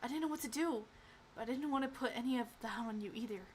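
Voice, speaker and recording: A woman reading the lines of a tearful young man confessing his love, softly and hushed. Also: on the high side, fast talker, a little hiss or hum, natural voice, poor audio. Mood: tender. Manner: soft, hushed, trembling. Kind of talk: reading visual novel dialogue aloud.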